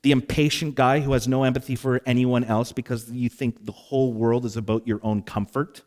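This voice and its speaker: A pastor giving a sermon, telling a personal story in a lively, self-mocking way with exaggerated sighs. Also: male voice, mid-range voice, a little fast. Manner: animated storyteller, acts out exasperated sighs and asides.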